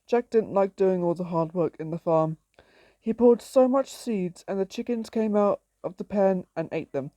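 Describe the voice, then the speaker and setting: Mellow woman reading a story. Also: mid-range voice, normal speed, no echo. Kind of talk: reading her own story aloud.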